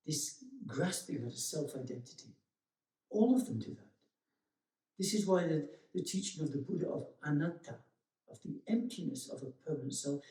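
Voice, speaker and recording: A meditation teacher speaks gently and reflectively, with frequent pauses and restarts. His voice sits a little higher than most men's yet sounds mellow and relaxed. He is heard from a distance in a roomy, echoey space. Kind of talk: dharma talk. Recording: echoey room, voice from far off.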